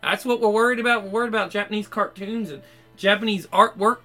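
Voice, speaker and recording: Angry guy going off on a rambling cursing rant, highish bright voice. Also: quick pace, soft background music. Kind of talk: ranting monologue.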